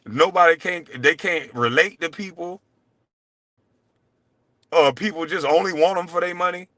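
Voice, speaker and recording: A man hosting his own show delivers a heated, profane solo rant at a measured pace, taunting and swinging between loud jabs and low mutters. There's no echo.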